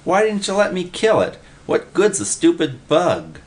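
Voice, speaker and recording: A man's voice: medium pitch, big pitch swings, measured pace, pitched above the performer's own voice. A man voicing a whiny, gullible male park bum in a storybook reading. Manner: whining, gullible, slangy.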